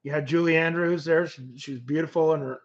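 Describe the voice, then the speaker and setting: A man from Canada hosts a loose livestream, answering viewers by name and wandering from topic to topic. His voice sits a little high, and he often repeats and restarts his words. The stream audio is dull and lo-fi. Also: fairly even intonation, fast. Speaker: livestream host. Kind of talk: casual livestream chat reading comments.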